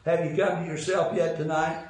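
A man preaching a sermon, telling a folksy story with repeated phrases and building to impassioned shouted climaxes. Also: a little high, flat delivery, normal speed. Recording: very echoey room with faint noise.

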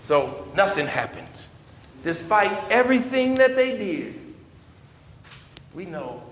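A man preaching a sermon, retelling scripture in animated storytelling and reading verses aloud. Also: high-pitched, slow pace. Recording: echoey hall, dull sound.

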